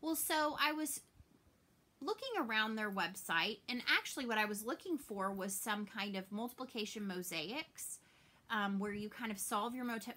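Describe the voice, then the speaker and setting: Woman, Southern American accent, casual vlog chat, open and heartfelt, crisp bright tone, mid pitch. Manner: chatty and open, trails off softly when sad. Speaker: cross stitch vlogger. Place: home.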